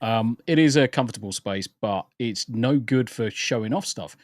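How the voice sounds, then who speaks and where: Speaking from a cramped spare bedroom, this English guest keeps the conversation casual, wandering off on tangents and laughing often. He has a mid-range voice and a normal pace. Although he uses a home computer setup, the sound is clean and studio-like, with no echo.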